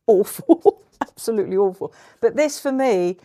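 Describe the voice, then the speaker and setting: A woman from East London with an Essex-side accent, a guest in a casual interview, talking quickly and laughing easily. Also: a little high, expressive, mellow. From East London, England. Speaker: actor, guest.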